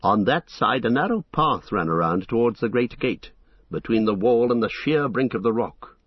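A man narrating an epic fantasy audiobook in a measured, dramatic storytelling manner. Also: medium pitch, lively intonation, husky, no room sound, highs cut off.

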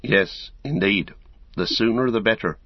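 A man's voice: fairly low pitch, unhurried, slightly rough, dry recording. A man voicing a bold young male hobbit in a storybook reading, speaking forthrightly and firmly. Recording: dull, dry recording.

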